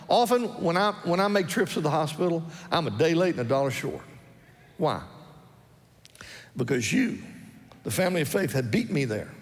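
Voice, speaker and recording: Earnest male pastor preaching in a reverberant church. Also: sits high. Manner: earnest preaching, repeating key phrases for emphasis. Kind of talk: sermon. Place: church sanctuary. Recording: long reverb of a church hall.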